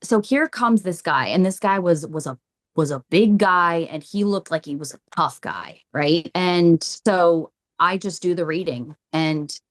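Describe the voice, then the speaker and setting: In a podcast interview, a psychic medium with a lowish voice shares stories at an unhurried pace. She's animated, echoing phrases as she plays out other people's words.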